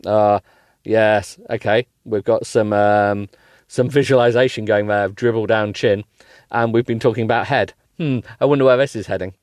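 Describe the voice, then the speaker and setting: A man's voice: on the low side, steady tone, moderate pace, darkish tone, no echo, studio quality. Irreverent man, sweary asides. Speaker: podcast host. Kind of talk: comic reading of a bad book with asides.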